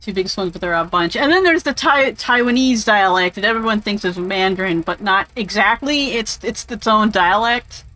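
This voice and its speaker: A woman's voice: mid-range voice, moderate pace, few pauses, bright, forceful tone, low-quality recording. A woman giving casual, rambling gameplay commentary, chatty and opinionated, drifting off into tangents and swearing offhandedly. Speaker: game streamer.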